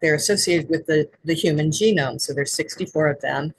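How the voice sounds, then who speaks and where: A woman's voice: deep voice, brisk, a little hiss or hum, low-quality recording. A woman who works as an intuitive guide, explaining spiritual astrology in an earnest way.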